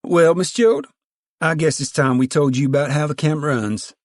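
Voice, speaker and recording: A man reading aloud and voicing a big, powerful woman who chairs a camp committee, booming, formal and proud. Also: moderate pace, no room sound, studio quality, lightly acted.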